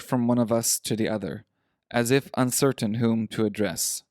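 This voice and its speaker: A man reading a classic story aloud for English learners, in a clear, measured way. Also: mid-range voice, steady tone, a little mellow, dry recording, studio quality.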